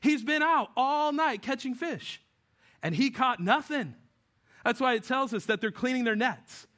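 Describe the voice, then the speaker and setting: A man from New Mexico preaches a sermon like he is chatting with friends, cracking jokes and slipping into voices for the people he quotes. His voice sits high and sounds bright, and the tone stays easygoing throughout. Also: lively intonation, measured pace. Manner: conversational and joking, acts out quoted voices. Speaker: pastor. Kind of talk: casual sermon.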